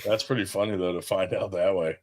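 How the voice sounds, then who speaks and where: A man's voice: sits low, steady tone, brisk. A young man chatting casually on a podcast, laughing often and swearing freely about his daughter. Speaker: podcast co-host. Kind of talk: casual chat.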